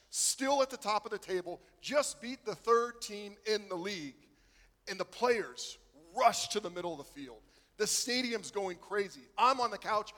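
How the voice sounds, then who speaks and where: Excitable preacher man in a big hall. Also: high-pitched. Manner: storytelling, swinging from hushed to excited. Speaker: pastor. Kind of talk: sermon.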